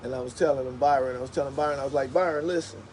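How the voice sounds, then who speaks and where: A man telling a casual, animated story to viewers of his livestream. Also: mid-range voice, rapid-fire, a little hiss or hum, low-quality recording. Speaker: live streamer.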